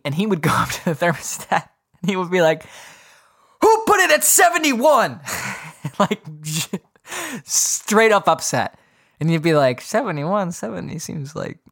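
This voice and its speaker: A man hosting a solo podcast, rambling in an animated, casual way with frequent swearing. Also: fairly high pitch, dry recording, clean studio sound. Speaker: podcast host.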